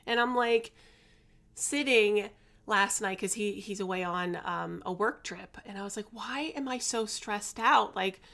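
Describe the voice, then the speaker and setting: A woman's voice: mid-range voice, unhurried, vocal fry, bright, forceful tone. A woman in her forties hosting her own podcast, chatting candidly and tiredly about her stress, with laughs and sassy asides. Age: 40s. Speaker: podcast host and life coach. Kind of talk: casual chat. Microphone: podcast microphone.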